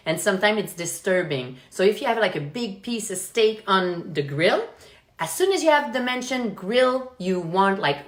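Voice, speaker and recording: A woman's voice: medium pitch, fairly bright tone, echoey room. A woman with a Quebec French accent, chatting casually as she hosts a live wine tasting and explains as she goes, often checking in with "okay?". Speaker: wine expert hosting a live stream. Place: at home.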